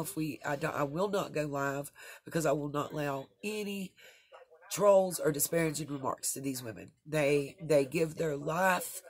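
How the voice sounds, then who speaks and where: A woman's voice: sits low, husky. A woman vlogger talking straight to her viewers in an earnest, rambling way, with many fillers and restarts. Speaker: true crime vlogger. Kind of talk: casual commentary to viewers.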